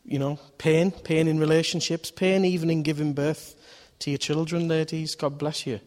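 This man's voice is on the high side and a little mellow, with a level tone and moderate pace. He gives a conversational sermon, asking listeners questions and acting out story voices, recorded with long hall reverb.

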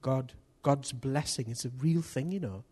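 A man preaching a sermon in a church, telling a story with energy, rising to excited shouts and dropping to near whispers. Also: medium pitch, normal speed, slightly rough. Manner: swings from hushed to excited shouting; lively storyteller with local place names and slang.

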